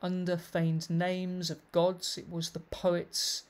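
Reading passages aloud and commenting on them, a literary researcher explains his thesis in a video lecture. He talks slowly, in a high voice with a completely flat delivery.

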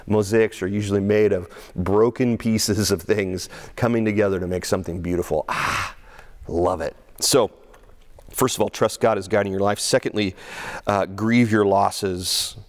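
A man's voice: steady tone, normal speed. A middle-aged male pastor preaching a conversational sermon, often restarting and repeating words, and acting out quotes in a raised voice. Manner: acts out quoted speech with raised pitch.

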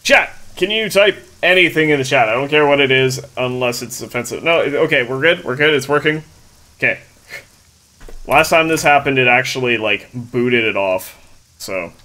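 A man's voice: medium pitch, moderate pace, bright, forceful tone. Joking man streaming a game. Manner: joking, loose, talks to chat while playing. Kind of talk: casual gaming stream chat.

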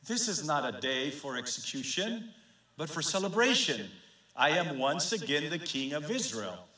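A man preaching a sermon voices a grave king who speaks in measured, commanding words, read aloud in a church. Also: a little high, sing-song, bright, forceful tone. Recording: echoey church sanctuary.

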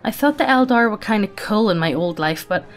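A woman's voice: medium pitch, lively intonation, brisk. A woman narrating a sci-fi story aloud in a matter-of-fact, casual way, often breaking into laughter.

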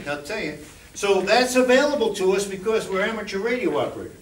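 A man's voice: high-pitched, expressive, brisk, slight background noise. Man, guest speaker, informal club talk, asks the audience questions, echoey room, distant mic.

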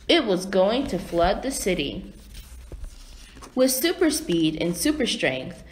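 A woman reading a children's storybook aloud, with slow, clear, expressive narration. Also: medium pitch. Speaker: storybook reader.

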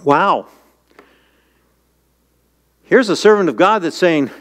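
A man's voice: expressive, slow pace, pauses often. A man preaching a sermon as pastor, reading scripture and asking the congregation questions in an earnest manner. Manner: voice jumps high and urgent when paraphrasing scripture. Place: church.

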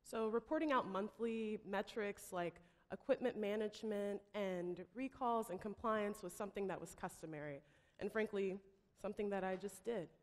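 A woman giving a pitch talk, telling a story dramatically and acting out the voices she quotes. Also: moderate pace. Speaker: startup founder pitching. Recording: long hall reverb.

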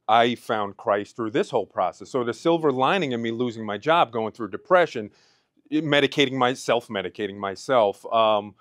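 A man's voice: mid-range voice, no room sound, studio quality. A man in his thirties giving an emotional personal testimony speech at an event, fighting back tears as he talks. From Pennsylvania. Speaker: speaker. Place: event hall.

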